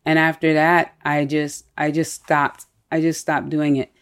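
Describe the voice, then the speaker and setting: A woman telling personal stories in a candid, animated way during a casual conversation. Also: deep voice, a little slow.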